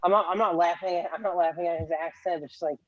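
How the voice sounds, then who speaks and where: A man's voice: on the high side, fairly even intonation, fast talker, no echo, lo-fi sound. A young man in casual chat, telling a story animatedly and acting out quotes, laughing often.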